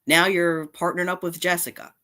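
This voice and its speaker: A woman's voice: on the low side, flat delivery, fairly quick, pushed and bright. A woman vlogger delivering an angry, confrontational rant straight to camera, indignant and repeating her points. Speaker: cat channel vlogger.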